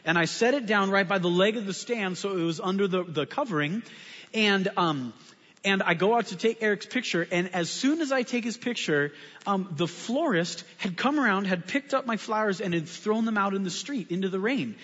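A man, a pastor, telling a story in a sermon with animated, self-mocking humor. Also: sits high, normal speed. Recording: muffled sound with long hall reverb.

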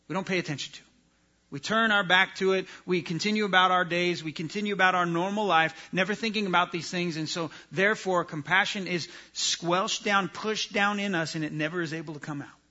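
A man preaches a sermon in a bright, forceful voice pitched a little high. He stresses points with rising volume and sinks to quiet, low lines for weight. The recording is dull and lo-fi. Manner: earnest, emphatic preaching that rises and drops in volume. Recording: dull lo-fi sound.

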